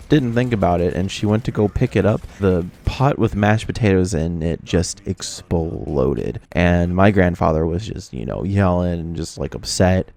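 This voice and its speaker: Young guy with a deep creaky voice, animated storytime vlog, big reactions. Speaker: video creator.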